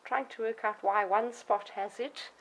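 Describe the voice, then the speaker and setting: Speaking at a measured pace in a steady tone, a dog breeder makes a casual garden vlog about her puppies, friendly and affectionate, with bursts of squeaky baby-talk aimed at the dogs. Dogs bark from time to time on the low-quality recording.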